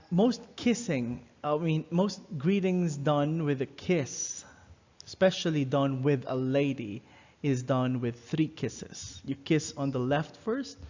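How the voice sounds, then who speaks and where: A man with a slightly high voice gives a recorded lesson, explaining each point patiently and repeating words slowly so learners can follow. The recording sounds dull and lo-fi. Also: a little mellow. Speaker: French teacher.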